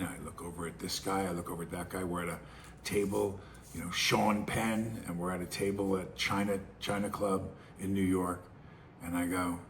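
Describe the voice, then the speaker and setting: A man's voice: sits low, level tone, normal speed, a little hiss or hum. A middle-aged man, hosting his own show with casual, rambling commentary full of restarts and acted-out quotes. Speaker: podcast host.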